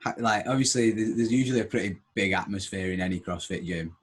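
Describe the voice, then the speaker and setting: Husky low-voiced male podcast host. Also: fast. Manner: laughs easily, rambling questions. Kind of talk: casual interview chat.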